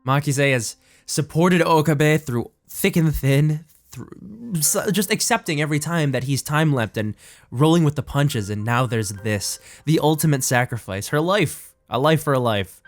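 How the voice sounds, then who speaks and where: A man's voice: on the high side, normal speed, hardly any pauses. A man reading a visual novel aloud as a game streamer, adding emotional, reflective asides.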